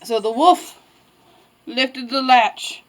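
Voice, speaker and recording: A woman's voice: high voice, drawn-out words, low-quality recording. A woman practising a lesson by telling a children's story in a chatty, casual way, breaking off for asides. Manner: chatty, self-interrupting, with asides and laughs. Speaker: student teacher telling a story. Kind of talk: casual read-aloud storytelling.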